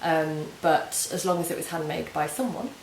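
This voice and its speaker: A woman talks in a relaxed, gushing way, full of ums and little restarts. Her voice sits slightly low. The camera mic picks up a roomy home room with faint hiss underneath. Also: normal speed, vocal fry. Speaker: knitting podcast host. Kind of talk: casual video podcast chat.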